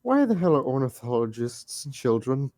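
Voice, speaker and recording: A man's voice: medium pitch, big pitch swings, normal speed, darkish tone, dry recording. A man bantering and cracking jokes with a friend during a game. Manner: joking, teasing. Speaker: co-player. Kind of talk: casual gaming banter.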